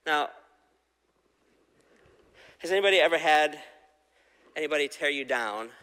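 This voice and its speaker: A man's voice: a little high, expressive, a little slow, bright, forceful tone, clear, resonant tone. Man preaching casually in an echoing hall. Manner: conversational, asks the audience questions, acts out quoted voices. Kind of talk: casual sermon storytelling.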